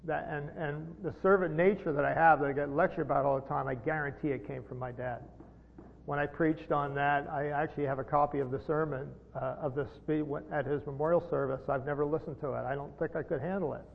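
A middle-aged man preaching a sermon as pastor, earnest and halting, with repeated words, rising to emphatic peaks. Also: fairly high pitch, fairly even intonation, gravelly. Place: church sanctuary. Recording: dull sound with long hall reverb.

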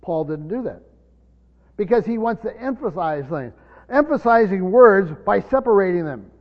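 Expressive and moderately paced, this preacher teaches from the Bible in an instructive manner, repeating words as he goes and lowering his voice for scripture. The recording is dull, set in a hall with a long reverb.

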